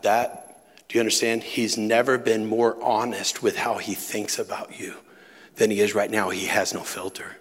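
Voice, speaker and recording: A man's voice: lowish voice, level tone, normal speed. A male pastor preaching a sermon, telling a personal story in a conversational way with emphatic asides. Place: retreat center meeting hall. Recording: long hall reverb.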